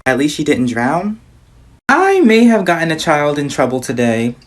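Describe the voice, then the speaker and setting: A woman telling funny personal stories in a sassy, animated way, acting out the people in them. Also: low voice, normal speed. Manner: sassy, animated, acts out quoted voices. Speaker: storyteller. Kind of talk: casual storytime narration.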